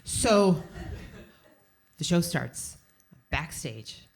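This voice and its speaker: A woman telling a funny personal story live on stage, animated and self-mocking, full of "like.". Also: sits low, very slow. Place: small theater stage with audience.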